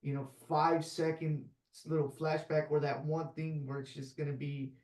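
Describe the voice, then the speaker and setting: A man's voice: a little high, little pitch movement, moderate pace, a little mellow. A man hosting a casual podcast conversation, heartfelt and open about his feelings, dropping "man" and "like" as he speaks. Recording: echoey room, off-mic.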